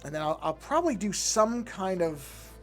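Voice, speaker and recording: A man's voice: high-pitched, big pitch swings, moderate pace, soft background music. A man streaming his drawing session, thinking aloud in a casual, hesitant way, often trailing off and restarting his sentences. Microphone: desk microphone.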